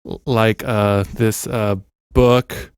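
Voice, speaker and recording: A man's voice: lowish voice, flat delivery, very slow, smooth, dry recording. A man co-hosting a casual podcast, joking and rambling with lots of fillers, on a studio mic with headphones. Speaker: podcast co-host. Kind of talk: casual chat.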